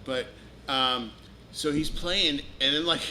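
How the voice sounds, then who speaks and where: A man in casual chat, animated and profane, often trailing off mid-thought. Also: on the high side, slow pace, a little hiss or hum, rough recording.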